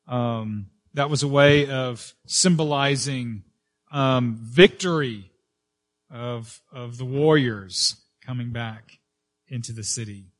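A man preaching a sermon as pastor, earnest, with frequent fillers and restarts, rising and slowing to stress key words. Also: medium pitch, fairly bright tone.

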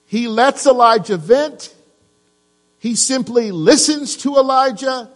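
A man preaching a sermon to his congregation, lively, asking them questions and joking. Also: high-pitched, in a large hall. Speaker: pastor. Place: church.

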